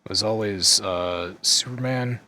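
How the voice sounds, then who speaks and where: A man's voice: fairly low pitch, unhurried, sharp tone, a little hiss or hum. A man co-hosting a casual gaming podcast, talking in a rambling, jokey way with lots of restarts. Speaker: podcast co-host.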